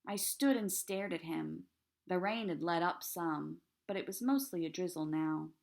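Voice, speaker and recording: A teacher reading a children's chapter book aloud in a calm, steady storytelling voice. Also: female voice, lowish voice, measured pace, vocal fry.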